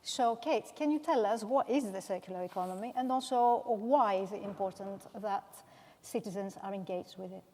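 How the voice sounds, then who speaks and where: Woman from manchester hosting a panel, measured, lots of uhs, big echoey hall. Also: medium pitch, a little mellow. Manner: measured, with many "uh" fillers. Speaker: panel moderator. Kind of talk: panel introduction. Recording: long hall reverb.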